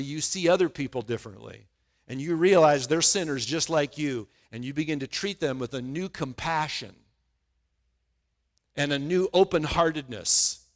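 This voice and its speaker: A middle-aged man preaching a sermon in a conversational way, often repeating words as he starts a thought. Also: mid-range voice. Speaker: pastor.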